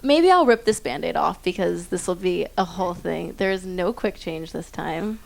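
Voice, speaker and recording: A woman's voice: lowish voice, lively intonation, moderate pace, vocal fry, darkish tone. A woman in her twenties, a singer being interviewed on a theater stage, talking in a chatty, bubbly, self-deprecating way. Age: 20s. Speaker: guest singer. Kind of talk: live onstage interview. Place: theater stage before an audience.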